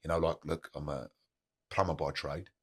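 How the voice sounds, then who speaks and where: At a moderate pace and in a steady tone, a podcast guest tells candid, conversational stories in his gravelly, husky low voice. He sounds earnest and motivational, speaks plainly, and reinforces his points by repeating them.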